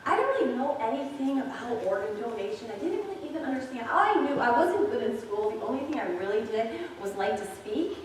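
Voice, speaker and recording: A woman's voice: on the high side, sing-song, fairly quick, hardly any pauses. Chatty woman preaching in an echoey church. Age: 40s. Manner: chatty, candid storytelling to a congregation. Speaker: pastor. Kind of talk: sermon. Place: church sanctuary. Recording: very echoey, distant from mic.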